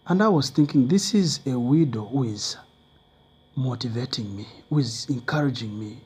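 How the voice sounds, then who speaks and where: A man's voice: mid-range voice, expressive, normal speed, a little mellow, husky. A man telling a motivational personal story in earnest, simple phrasing.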